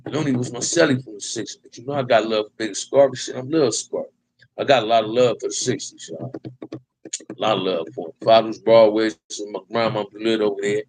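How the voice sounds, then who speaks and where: A man's voice: lowish voice, steady tone, a little fast, a little mellow, low-quality recording. A man from Compton hosting a casual live stream, reading viewer comments and answering them in laid-back, slang-heavy talk that keeps ending on "man". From Compton, California. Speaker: livestream host.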